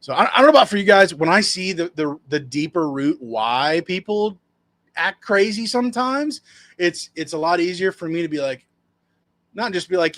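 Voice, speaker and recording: A man with a somewhat high voice tells a customer story in a loose, rambling way, full of restarts and asides. He acts out other people's lines as he goes. The sound is dry and close, with no room echo. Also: very animated, normal speed, a bit bright. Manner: rambling, conversational, acts out quotes in a higher voice. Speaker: dumpster rental business owner. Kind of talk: casual storytelling vlog.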